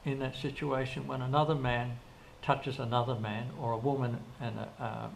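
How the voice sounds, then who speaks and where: An older man with a gravelly, creaky voice recounts his life in a loose, rambling way, acting out both sides of old conversations. He restarts sentences often and circles back as he goes. A faint hum of background noise sits under the recording. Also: medium pitch, little pitch movement, normal speed. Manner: rambling, with frequent restarts and quoted dialogue. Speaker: interview guest. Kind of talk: casual storytelling in an interview.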